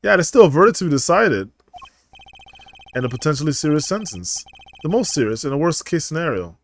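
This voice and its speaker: Guy reading as a sly calm lawyer mentor, offhand, low-key. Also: fairly quick.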